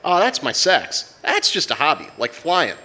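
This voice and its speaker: A man's voice: on the high side, huge pitch swings, normal speed, sharp tone, exaggerated voice. An actor playing a cocky young prize fighter who talks in tough-guy slang, in 1940s radio acting. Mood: indignant.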